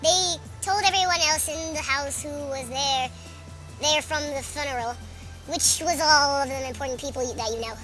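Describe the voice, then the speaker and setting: High sarcastic young reader over music. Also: normal speed, pushed and bright. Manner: sarcastic, laughs at the text, exasperated asides. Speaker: storyteller reading a fan story aloud. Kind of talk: mocking read-aloud with commentary. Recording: background music.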